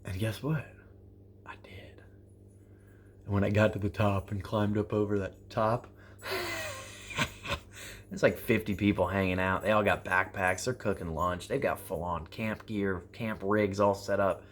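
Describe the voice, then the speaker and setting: A man in his thirties telling motivational stories to his viewers, animated and profane, acting out the people in his stories. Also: lowish voice, normal speed, a little hiss or hum. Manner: animated, acts out quoted exchanges, profane, repeats phrases for emphasis. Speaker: prepper vlogger. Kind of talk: motivational storytelling to camera.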